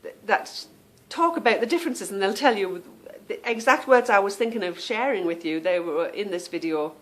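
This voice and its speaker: A woman's voice: medium pitch, lively intonation, moderate pace. British lady from england, rambly podcast host chatting away casually. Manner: chatty and meandering, trailing off. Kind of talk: casual chat.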